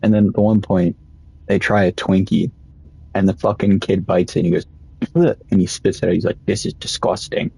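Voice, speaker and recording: A man's voice: sits low, little pitch movement, a little fast, vocal fry, warm tone, slightly rough, poor audio. A young man casually commenting while he plays, rambling through stories and swearing often. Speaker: gaming streamer.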